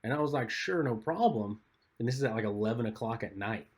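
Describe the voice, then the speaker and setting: A man's voice: lowish voice, very fast, husky. A man co-hosting a podcast, telling laid-back, teasing stories in casual chat. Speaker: podcast co-host.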